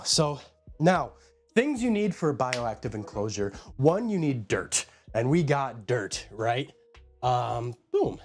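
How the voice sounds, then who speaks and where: A mid-range, darkish voice with a slow, sing-song delivery comes over faint music. The man is casually chatting on a live stream from home, rambling, naming viewers as he greets them, and showing his pet enclosures.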